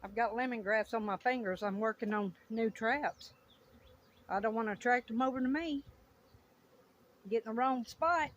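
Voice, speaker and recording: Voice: medium pitch, normal speed, long pauses, a bit bright, lo-fi sound. A beekeeper in a casual vlog, talking outdoors and exclaiming in awe while watching a swarm. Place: outdoors by a greenhouse. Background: buzzing bees.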